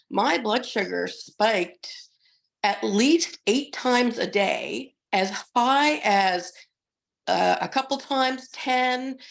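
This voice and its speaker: A hoarse, middle-aged woman giving a chatty testimonial on a group call, with frequent restarts. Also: mid-range voice. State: hoarse from being sick.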